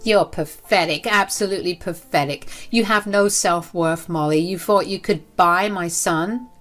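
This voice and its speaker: A woman's voice: on the low side, unhurried, a bit bright, soft background music. A woman voicing a cruel, scornful older mother-in-law who sneers and mocks. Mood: sneering. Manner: sneering, mocking.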